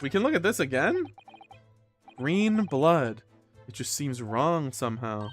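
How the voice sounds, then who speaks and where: A man's voice: medium pitch, very animated, unhurried, long pauses, soft background music. A man streaming a video game, reading its dialogue aloud and joking around, catching his own slips as he goes. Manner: jokey, reads lines aloud, self-correcting. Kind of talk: casual gaming commentary, reading dialogue aloud.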